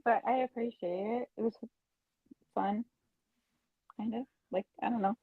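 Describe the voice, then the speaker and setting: A woman's voice: fairly high pitch, fairly even intonation, measured pace, no room sound. Apologetic woman over a tinny line. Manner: apologetic, trailing off. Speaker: call-in guest. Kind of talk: casual chat.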